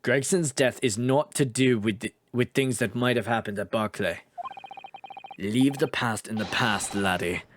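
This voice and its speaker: A man putting on a gruff Scottish prison governor. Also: mid-range voice, a little slow, voice pushed down, close to an everyday voice. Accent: put-on Scottish. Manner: stumbling, fumbled lines.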